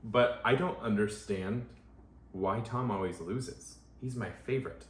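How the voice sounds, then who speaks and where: A man's voice: fairly low pitch, measured pace. A man co-hosting a podcast, chatting playfully and animatedly about movies. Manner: animated, playful, laughs easily. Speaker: podcast co-host. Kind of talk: casual movie review chat. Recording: echoey room with faint hiss.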